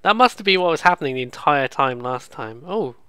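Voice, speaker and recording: A man's voice: a little high, lively intonation, fairly quick, sharp tone, clean tone, dry recording. A man hosting a let's play, giving casual, sarcastic, rambling gameplay commentary. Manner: sarcastic, swears freely, rambling.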